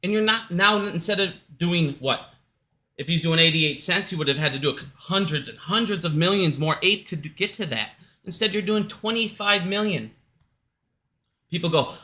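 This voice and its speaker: A man's voice: a little high, lively intonation, normal speed, bright, forceful tone. A man from Minnesota giving casual, heated commentary at home, profane and repetitive, hot and out of breath. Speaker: stock market commentator. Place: his house.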